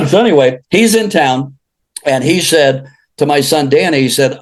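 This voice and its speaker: A man's voice: fairly high pitch, measured pace, creaky. An older man from Illinois, a country singer guest, telling rambling, jokey stories in a casual chat and laughing at his own tales. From Illinois, USA. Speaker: interview guest, country recording artist.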